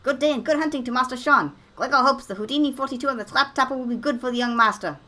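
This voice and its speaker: A woman's voice: sits high, quick pace, bright, forceful tone, pitched above the performer's own voice. A woman voicing a deferential male servant who speaks of himself in the third person. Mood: eager. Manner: deferential and eager.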